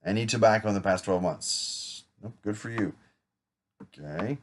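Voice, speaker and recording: A man's voice: lowish voice, moderate pace. A man acting as an insurance agent in a practice sales role-play, talking casually with small jokes and self-corrections. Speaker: insurance agent rehearsing a client pitch.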